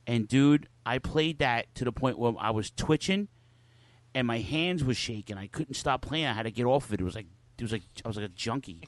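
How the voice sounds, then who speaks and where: A man's voice: mid-range voice, fairly quick, dry recording. A man in his forties hosting a podcast, telling loose stories in casual chat and swearing constantly. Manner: profane, loose storytelling with lots of cursing. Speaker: podcast host.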